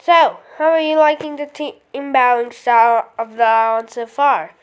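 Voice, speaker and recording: A woman's voice: on the high side, little pitch movement, moderate pace, smooth, lightly acted. A woman voicing a cheerful woman professor, reading game text aloud playfully. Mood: chatty.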